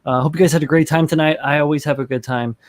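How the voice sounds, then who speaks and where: A man's voice: fairly high pitch, steady tone, fast, no room sound. A man on a panel call giving a loose, casual sign-off, swearing easily.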